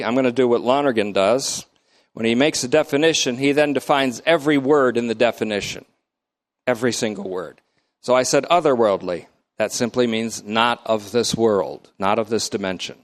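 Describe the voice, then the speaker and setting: An older man teaches a Bible study at a deliberate pace, spelling out each term one word at a time. He speaks emphatically and leans hard on key words, with pitch that rises and falls. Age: middle-aged or older. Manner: emphatic, defines terms slowly word by word. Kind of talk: lecture-style Bible study.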